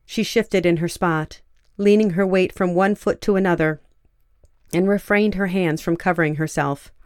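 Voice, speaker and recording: A woman narrating a fiction story in a measured, even storytelling way. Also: lowish voice, smooth, dry recording, studio quality.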